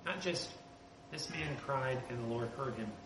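A man's voice: medium pitch, a little slow. A man preaching a sermon as a pastor, earnest and conversational, lifting his voice to stress key points. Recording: roomy with background noise.

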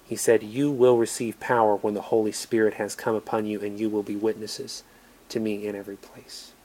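A man's voice: fairly low pitch, level tone, fairly quick, a little hiss or hum. Earnest American man preaching. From United States. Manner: earnest, varies volume from emphatic to quiet. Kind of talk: sermon.

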